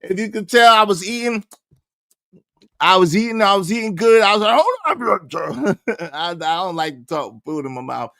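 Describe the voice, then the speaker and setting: Man, livestream host, slangy and animated, highish voice, dry close sound. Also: normal speed, dry recording. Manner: animated, slangy, rhythmic shout-outs to chat. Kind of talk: casual livestream commentary.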